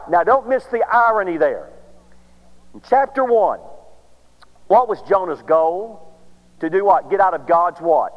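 A high-voiced male preacher delivers a sermon with sweeping dramatic pauses, rising to loud cries and dropping to near hushes. His voice rings through a large hall with a long reverb. The recording sounds dull and muffled. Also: lively intonation.

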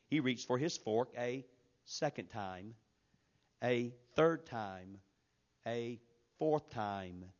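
A man preaching a sermon with emphatic delivery, shifting between loud, forceful passages and hushed, quiet ones. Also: medium pitch, highs cut off. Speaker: pastor.

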